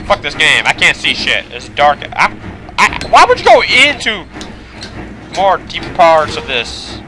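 A man playing a horror video game, commentating with panicky swearing, switching between yelling and muttering. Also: a little high, very animated, unhurried. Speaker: gaming video host.

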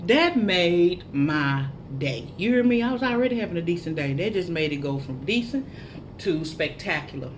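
A woman's voice: fairly low pitch, fairly quick, a little hiss or hum. Chatty woman eating on camera. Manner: chatty, chewing and humming between bites; laughs at herself, animated shout-outs to viewers. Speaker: mukbang vlogger. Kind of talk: casual eating vlog chat.

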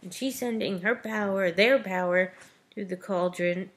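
A woman's voice: mid-range voice, a little slow. A woman retelling a novel's plot in a chatty book review vlog, often saying "like" and "you know".

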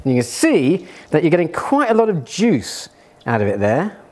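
A man's voice: on the high side, huge pitch swings, normal speed, darkish tone. A man presenting a playful science demonstration, jokey and theatrical, gleefully narrating what he does.

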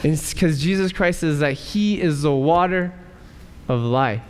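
A male pastor preaching a sermon in a church, asking rhetorical questions and pausing for effect. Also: a little high, lively intonation, slight background noise. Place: church sanctuary. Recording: church hall reverb.

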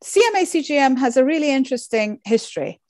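A woman giving an academic lecture over slides, measured and thoughtful, with frequent fillers and self-corrections. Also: high-pitched, a little mellow, no room sound. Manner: measured, many fillers and restarts.

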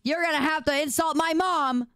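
A woman's voice: high voice, moderate pace, a bit bright, no room sound, clean studio sound. A young woman streaming live, chatting playfully and teasing her viewers while she eats. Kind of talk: casual live-stream chat.

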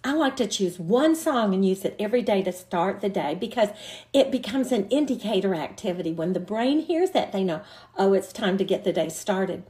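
A woman's voice: mid-range voice, expressive, normal speed, mellow. An older woman, an early childhood educator, giving an encouraging teacher training talk and breaking into short demonstration songs.

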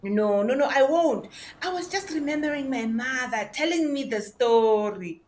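Lively South African dog who used to be a man, voiced by a woman, animated and fairly high-pitched, light noise. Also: normal speed. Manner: lively, with township slang. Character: young man turned dog, proud and nostalgic. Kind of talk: audio drama acting.

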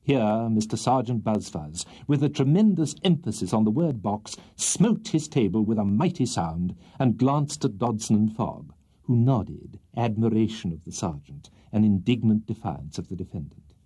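A man reading a classic novel aloud as a children's audiobook, with expressive, measured storytelling. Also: on the low side, husky. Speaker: audiobook reader. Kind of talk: scripted storybook narration.

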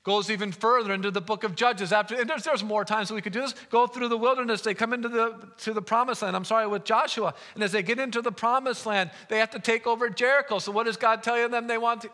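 Man, pastor, animated sermon storytelling, bright tense tone, church sanctuary. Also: high-pitched. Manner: animated storytelling with voiced asides. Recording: long hall reverb.

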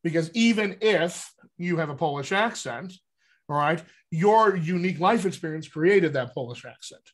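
An American man coaching actors on accents, speaking in a fairly high voice. He explains his points over a video call and keeps checking that the listeners follow him. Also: moderate pace. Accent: General American. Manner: animated teaching, frequent "all right?" check-ins. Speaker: dialect coach. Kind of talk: casual video call chat.

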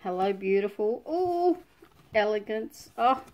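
An Australian woman scrapbooking vlogger unboxes her supplies, chatting casually in an animated, medium-pitched voice at a slow pace. She gushes with breathy, delighted exclamations throughout. The audio has its high frequencies cut off.

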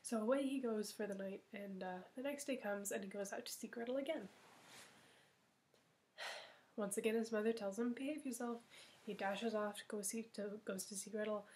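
Casual female storyteller, rambling and hesitant, middle pitch. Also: fairly even intonation, normal speed, darkish tone, slight background noise. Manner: rambling, hesitant, with fillers and sighs. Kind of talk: casual fairy tale retelling.

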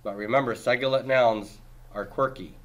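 A man teaching a class, reviewing homework by asking brisk questions and cracking dry jokes. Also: medium pitch, fairly even intonation. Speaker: Hebrew teacher.

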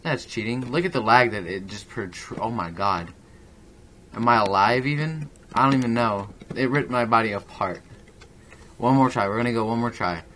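A man hosting a gaming channel, giving rambling, excitable let's-play commentary from his home computer. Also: medium pitch, normal speed, a little hiss or hum.

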